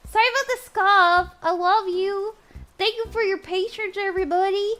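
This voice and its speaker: A woman's voice: very high-pitched, steady tone, normal speed, pushed and bright. A young woman reading tarot on a live stream in a bubbly, giggly put-on voice, often flustered and apologetic. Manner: bubbly, giggly, flustered while fixing audio.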